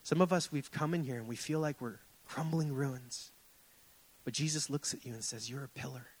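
A man's voice: on the high side, moderate pace, husky, rough recording. A young adult man preaching a sermon in a church sanctuary, impassioned and rising and falling in emphasis. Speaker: pastor.

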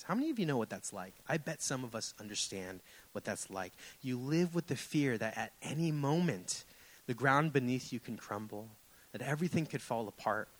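A man's voice: mid-range voice, poor audio. A young adult man preaching a sermon in a church sanctuary, impassioned and rising and falling in emphasis. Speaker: pastor.

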